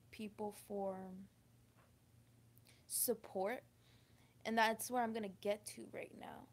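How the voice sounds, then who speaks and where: A woman telling a personal story to camera, halting and emotional, with many restarts. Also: fairly high pitch. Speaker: vlogger. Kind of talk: confessional storytime.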